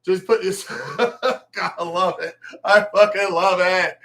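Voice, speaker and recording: High-voiced man in a profane rant. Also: fairly even intonation, slow pace, bright, forceful tone. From El Paso, Texas. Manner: angry, profane, mocking, emphatic. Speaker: vlogger ranting on news.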